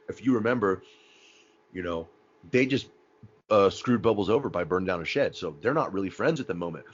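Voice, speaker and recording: A man's voice: deep voice, highs cut off, a little hiss or hum. A man co-hosting a podcast, chatting casually and animatedly about favorite episodes, often acting out quotes and laughing. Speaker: podcast co-host. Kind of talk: casual fan chat.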